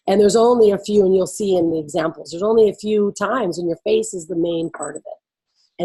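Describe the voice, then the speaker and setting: An event host speaks to attendees in a fairly low, mellow voice with vocal fry and a breathy edge. Casual and bubbly, she laughs often and uses "like" and "you know" constantly. The audio is poor.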